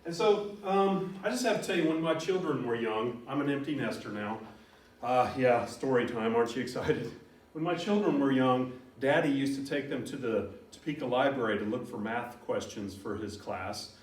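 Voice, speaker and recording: Middle-aged male algebra instructor, animated lecturer, recorded far from the mic in a very echoey room. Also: medium pitch, normal speed. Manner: animated, bursts into shouts on key words. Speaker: college math instructor.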